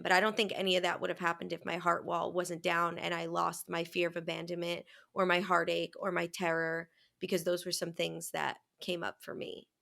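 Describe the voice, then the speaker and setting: Candid young woman with a gravelly voice. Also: fairly low pitch. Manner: candid, animated storytelling with swearing. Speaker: podcast co-host. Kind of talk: casual chat.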